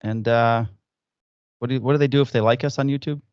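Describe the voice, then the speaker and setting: A man's voice: mid-range voice, steady tone, fairly quick, a little mellow, clear, resonant tone, no echo, muffled recording. A man co-hosting a podcast, chatting loosely and swearing through easygoing banter. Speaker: podcast co-host. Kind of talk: casual chat. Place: at home, recording remotely.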